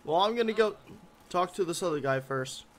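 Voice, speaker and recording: A man's voice: high voice, expressive, a little fast, a bit bright. A man giving gameplay commentary as a gaming YouTuber, grumbling and easily irritated.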